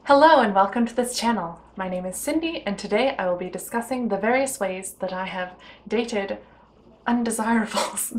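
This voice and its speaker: A woman's voice: on the high side, expressive, unhurried, background noise. A woman hosting a casual vlog chat, playful and laughing, with dry asides. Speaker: vlog host.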